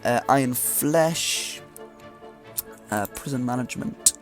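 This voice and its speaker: A man's voice: mid-range voice, slow, soft background music. A man giving casual gameplay commentary, thinking aloud and hesitating with fillers as he goes. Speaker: let's play gamer.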